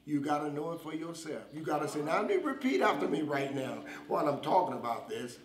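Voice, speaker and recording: A man's voice: on the high side, lively intonation, fast talker. A man preaching a sermon with fervent emphasis and repeated call-outs to his listeners. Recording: echoey room with music behind. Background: guitar music.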